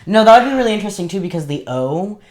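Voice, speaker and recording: A woman's voice: medium pitch, animated, rapid-fire, a little mellow. A woman co-hosting a casual fan podcast, chatty and laughing often as she talks. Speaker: podcast co-host.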